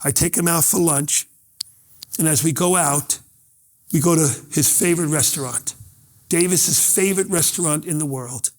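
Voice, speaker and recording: A man's voice: on the high side, moderate pace. A middle-aged man giving a motivational keynote talk, telling stories with emphatic repetition and acting out the voices of the people in them. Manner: storytelling, acts out quoted voices, emphatic repetition. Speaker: motivational speaker.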